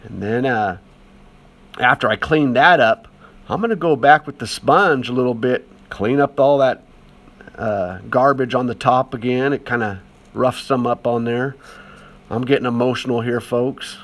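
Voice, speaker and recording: A man's voice: mid-range voice, measured pace, a bit bright. A man talking casually over a demonstration as an art teacher, chatty and encouraging, with lots of fillers.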